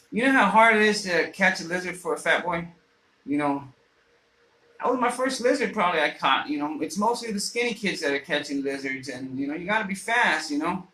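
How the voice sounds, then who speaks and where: A man with a high, bright voice spins a rambling, foul-mouthed story, stumbling over restarts and fillers. He sounds like a radio host chatting loosely, and his voice bounces around a roomy, echoey space. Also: slight background noise. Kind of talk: casual personal storytelling. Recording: roomy echo.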